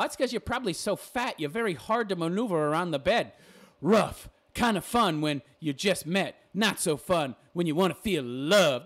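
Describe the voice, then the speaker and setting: A man's voice: high-pitched, a bit bright. A man ranting in reaction commentary, crude and mocking, often laughing at his own jabs.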